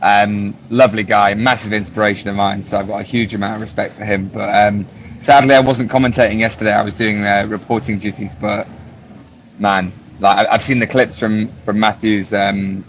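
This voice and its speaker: A polite, measured man talking as a guest on a casual video call. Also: on the low side, flat delivery, lo-fi sound, a little hiss or hum. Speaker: guest commentator. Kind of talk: casual chat.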